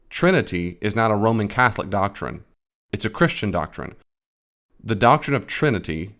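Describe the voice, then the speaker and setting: A man's voice: lowish voice, a bit bright. A man giving a reaction commentary on a theology video, explaining firmly and correcting the speaker.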